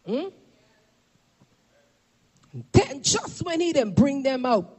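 A woman preaching a fervent sermon to a congregation, shouting at peaks and calling for responses, filmed for a camera. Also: high voice, wildly swooping pitch, slow, long pauses. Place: church or meeting hall. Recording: long hall reverb.

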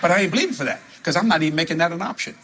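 New preacher guy, pretty high voice that swings all over, laughs a lot, bit of hiss behind. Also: rapid-fire. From New Orleans. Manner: animated, laughing, breaks into high exclamations. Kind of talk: lively sermon with stories.

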